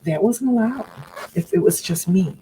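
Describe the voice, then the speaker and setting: A woman's voice: lowish voice, lively intonation, moderate pace, warm tone, slight background noise, rough recording. A middle-aged woman earnestly recounting her own story to viewers on a broadcast, with reflective, faith-filled phrasing. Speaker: survivor sharing her story on a live broadcast.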